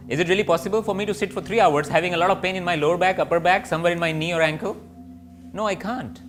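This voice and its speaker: A man teaching yoga, reflective, asking and answering his own questions. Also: a little high. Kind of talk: spoken yoga lesson.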